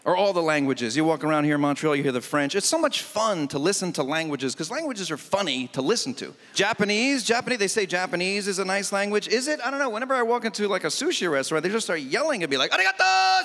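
A man doing a stand-up comedy set on a festival stage, animated and punchy with mock exasperation. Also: sits high, fast, hardly any pauses, long reverb tail.

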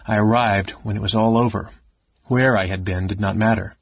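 A man's voice: lowish voice, steady tone, moderate pace, vocal fry, husky, no room sound. A man reading the part of a grieving young nobleman and knight who turned bandit, speaking bitterly and grimly. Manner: bitter and grim. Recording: dull lo-fi recording.

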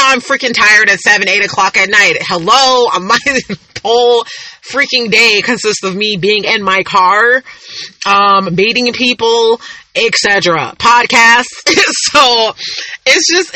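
A woman in her thirties hosts a casual podcast monologue and wanders from story to story with frequent laughs. Her voice is bright and piercing, and the recording is close and dry with no room sound. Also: medium pitch, takes it slowly, no echo, low-quality recording. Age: 30s. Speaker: podcast host.

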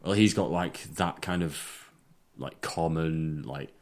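A man's voice: a bass voice, slow pace. An English man hosting a casual podcast chat in an attic room, rambling and joking as he repeats his words.

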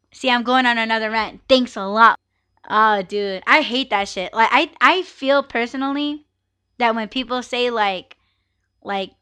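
A woman hosts her own podcast in a loose, unhurried chat, her voice bright and ringing. She drifts into profane rants and laughs easily. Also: fairly high pitch, clear, resonant tone. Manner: ranting, profane, laughs often. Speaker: podcast host. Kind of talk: casual live podcast chat.

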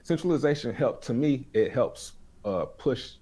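A man in casual podcast chat, laid-back and rambling, often restarting his sentences and using relaxed slang. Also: mid-range voice, moderate pace.

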